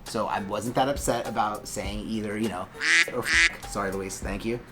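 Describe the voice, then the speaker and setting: A man's voice: lowish voice, normal speed, over music. Chatty joking lawyer man, rambling vlog talk. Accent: Californian. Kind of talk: casual vlog chat. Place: law office.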